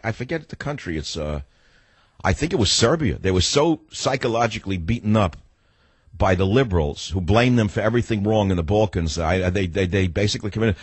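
A man's voice: fairly low pitch, husky, no room sound. A man hosting a talk radio show, rambling sarcastically through a loose monologue.

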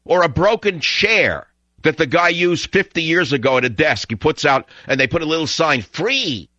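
A man's voice: on the high side, normal speed, sharp tone, no room sound. Ranting man hosting call-in radio. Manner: ranting, scornful, blunt. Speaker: radio talk show host. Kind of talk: call-in talk radio monologue. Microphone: studio broadcast microphone. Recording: dull, dry radio broadcast audio.

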